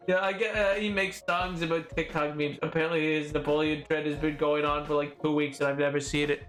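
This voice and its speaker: Excitable high-voiced male streamer. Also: a little fast, hardly any pauses, faint music behind. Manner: excitable, laughing, rambling with restarts. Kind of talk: casual live-stream chat while gaming.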